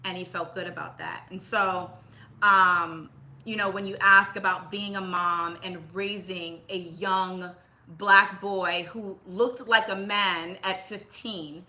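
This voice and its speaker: A woman's voice: mid-range voice, sharp tone. A middle-aged woman, an interview guest, telling personal stories in an earnest, reflective way, emphatic with repeated phrases. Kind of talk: heartfelt conversational storytelling.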